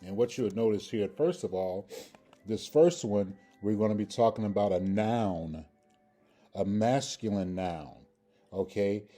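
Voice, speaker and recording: Low, mellow-voiced man teaching grammar. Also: a little slow. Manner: patient, repeats pronunciations several times with frequent "okay?" checks. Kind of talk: instructional video lesson.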